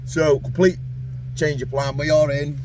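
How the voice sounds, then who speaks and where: A man's voice: on the high side, steady tone, unhurried, background noise. A man hosting a fishing vlog in casual, jokey banter, often laughing and teasing his mate. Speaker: fishing video host.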